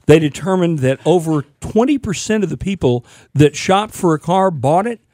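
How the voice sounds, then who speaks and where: A man's voice: a little high, lively intonation, moderate pace, a little mellow, no echo. A man co-hosting a radio talk show, joking with colleagues and explaining survey findings. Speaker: radio co-host. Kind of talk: casual radio chat.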